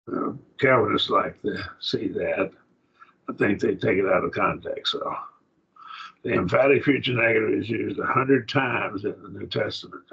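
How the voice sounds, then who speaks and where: Slow, gravelly-voiced man teaching Greek. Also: fairly low pitch, bright, forceful tone. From rural. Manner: slow, plainspoken, folksy. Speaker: preacher. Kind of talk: classroom grammar lesson. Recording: dull lo-fi classroom recording.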